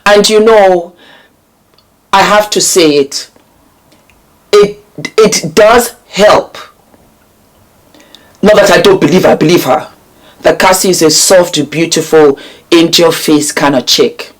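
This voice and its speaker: A woman's voice: fairly low pitch, slow, long pauses. A woman vlogger reading celebrity news aloud and breaking off for emphatic, sassy asides to her viewers.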